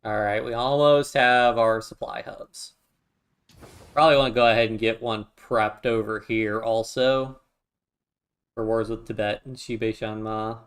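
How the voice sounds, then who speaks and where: A man's voice: fairly low pitch, flat delivery, a little slow, smooth. A man giving casual, wry commentary while playing a strategy game, chatting to himself as he goes. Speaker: gaming YouTuber. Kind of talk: casual let's-play commentary.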